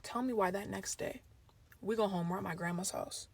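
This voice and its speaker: A young woman telling a storytime story to camera in a lively, animated way, acting out family members' lines. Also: medium pitch, brisk, gravelly, slight background noise. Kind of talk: storytime vlog.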